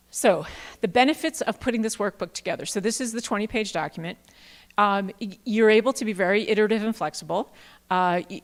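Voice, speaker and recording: A woman presenting at a workshop, jokey and animated as she talks to the room. She speaks at a middling pitch in a large auditorium, and her voice carries a long hall reverb. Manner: playful, animated, jokey asides. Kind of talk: conference workshop talk.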